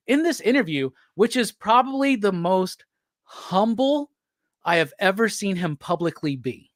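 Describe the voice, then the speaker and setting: A man hosting a casual conversation about comics, talking in an animated, profane, slangy way and acting out what other people say. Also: high-pitched, unhurried, no echo, clean studio sound. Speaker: host.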